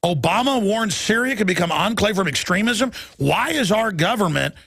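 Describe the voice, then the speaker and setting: A man hosting a talk radio show, talking fast and stumbling over repeated words as he lines up topics with a guest. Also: high voice, expressive, vocal fry, a bit bright, husky, dry recording. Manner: rapid, restarts with repeated words.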